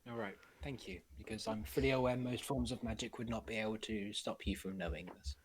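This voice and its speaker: A man's voice: on the low side, steady tone, brisk, slight background noise. A man playing in a tabletop game, teasing the others in a dry way. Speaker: player.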